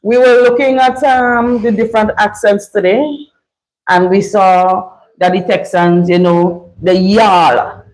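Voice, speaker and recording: A woman with a Vincentian accent hosts a casual livestream, chatting in an easy, unhurried way. Her voice sits in a middle range, and she stretches her words out slowly. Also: medium pitch, steady tone, darkish tone, rough recording. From St. Vincent and the Grenadines. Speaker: livestream host.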